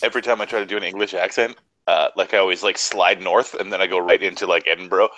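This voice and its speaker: A man's voice: low voice, fairly even intonation, quick pace, sharp tone, no echo, poor audio. A man in loose banter on a stream, joking and laughing easily. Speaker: stream participant. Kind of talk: casual chat.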